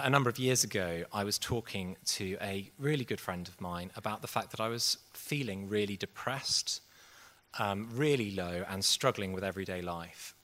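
A man's voice: fairly low pitch, a bit bright. A man preaching a sermon in an earnest, conversational way. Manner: conversational, earnest, acts out quotes. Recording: long hall reverb.

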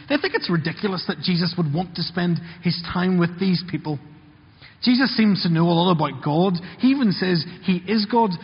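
A male preacher delivers an earnest sermon, acting out story characters' lines in quotes. His voice is high and slightly rough, and the recording is muffled with a long hall reverb.

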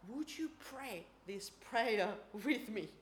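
A woman preaching and then leading a group in prayer, earnest and unhurried, sometimes dropping to a soft prayerful voice. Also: fairly high pitch, lively intonation. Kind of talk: sermon and guided prayer. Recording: echoey room with faint ambience.

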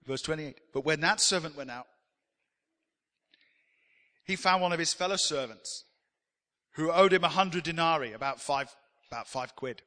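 A man's voice: fairly high pitch, moderate pace, long pauses, pushed and bright, big-room sound. A man preaching a sermon as pastor, emphatic, and leading the congregation in call-and-response.

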